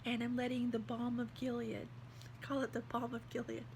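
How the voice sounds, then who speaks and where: A woman's voice: fairly high pitch, monotone, moderate pace, a little mellow, slight background noise, low-quality recording. A woman vlogger talking in an earnest, heartfelt, rambling way about faith. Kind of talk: casual devotional vlog talk.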